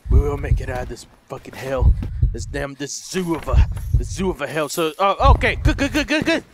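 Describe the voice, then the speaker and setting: A young man playing a horror game, talking to his viewers, swearing and yelling in panic at the monsters. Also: on the high side, expressive, fairly quick, very noisy. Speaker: let's play gamer. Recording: loud game music behind. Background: game music.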